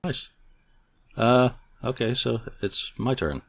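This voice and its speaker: A man's voice: medium pitch, takes it slowly, vocal fry, dry recording. A middle-aged man hosting a podcast in a casual, chatty way, steering whose turn it is. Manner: relaxed, chatty, steers the turns. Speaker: podcast host.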